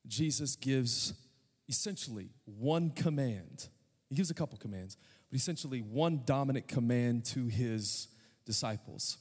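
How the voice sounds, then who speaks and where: A man's voice: mid-range voice, expressive, a little slow, breathy edge. A man preaching a sermon in a church, talking casually with humor, then rising to fervent passages. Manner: conversational preaching with humor, swinging from quiet to fervent. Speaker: pastor. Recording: church hall with long reverb.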